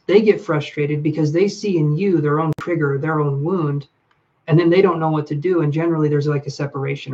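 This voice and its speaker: On a live stream, a man reads and gives relationship advice, reflectively addressing viewers by name. His voice is on the high side with a darkish tone, and the audio sounds dull.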